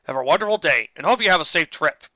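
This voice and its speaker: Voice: medium pitch, animated, fast, pushed and bright, no echo, lo-fi sound, voice pushed up. A reader voicing a tired old stallion clerk. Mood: weary politeness. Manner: worn, tired, polite. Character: weary older stallion ticket clerk.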